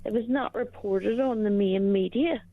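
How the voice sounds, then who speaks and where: A woman from Northern Ireland with a Northern Irish accent, calling in and speaking in a hesitant, halting way. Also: medium pitch. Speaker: caller. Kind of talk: casual phone-in chat. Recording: tinny phone line.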